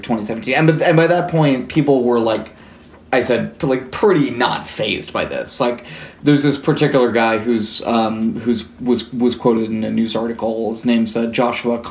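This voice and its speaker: Young male podcast co-host, mid pitch, rambly casual storyteller, roomy sound. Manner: rambling, lots of "like" and restarts, swears casually. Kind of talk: casual chat, true-crime storytelling.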